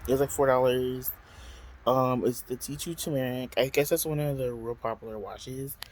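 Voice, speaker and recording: A man's voice: medium pitch, steady tone, normal speed, a little mellow. A man vlogging at home, telling a bus story and then unboxing skincare, chatty with dramatic exclamations and lots of fillers. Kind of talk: casual storytime and product unboxing.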